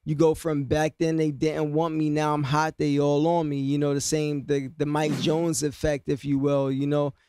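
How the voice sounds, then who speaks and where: A man's voice: on the high side, flat delivery, normal speed, few pauses, mellow, smooth, no echo. A man casually explaining rap lyrics, half-rapping the lines and then talking them through with lots of "you know what I mean.". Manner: loose, conversational, many fillers like "you know what I mean".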